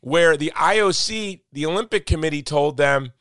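A man's voice: fairly high pitch, moderate pace, few pauses, a bit bright, smooth, no echo. Passionate male podcast host, dry sound. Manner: passionate, repeats himself for emphasis. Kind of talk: casual podcast chat.

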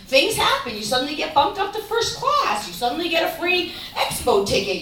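A woman's voice: sits high, a bit bright, slight background noise. A woman giving an emphatic spiritual talk, asking rhetorical questions as she explains. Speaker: spiritual speaker. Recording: echoey room from far off.

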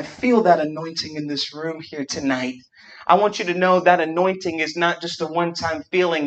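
A man preaching a revival sermon, swinging from shouted fervor to hushed storytelling. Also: a little high, fairly even intonation, moderate pace, poor audio. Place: church gathering room.

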